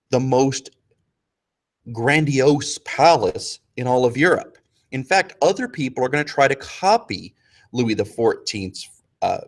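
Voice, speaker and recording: Man, teacher, casual review lesson, joking, slangy. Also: mid-range voice. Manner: jokey, slangy, acts out historical figures in quick voices. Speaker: history teacher.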